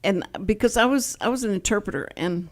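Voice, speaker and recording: An older woman with a Texas accent hosts a casual talk radio show. She chats and tells stories in a lively way, and her voice sits at a middle pitch. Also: a little fast. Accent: Texan. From Houston, Texas. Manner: chatty storyteller, lively and animated.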